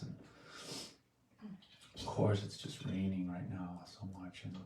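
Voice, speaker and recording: A man giving a heartfelt devotional offering in a temple hall, earnest and soft-spoken, halting and restarting his sentences. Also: deep voice, steady tone. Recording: echoey room, distant mic, faint noise.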